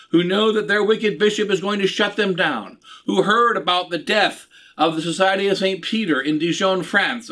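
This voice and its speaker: A man's voice: high-pitched, bright, forceful tone. A middle-aged man preaching a sermon in an earnest, repetitive way, with many stumbling restarts. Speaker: bishop preaching.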